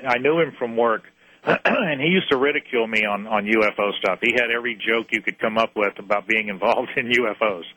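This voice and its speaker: On poor, dry audio, a man with a mid-range, bright and forceful voice tells the story of one of his UFO experience cases. He's earnest in this interview, though his phrases keep breaking off and starting again.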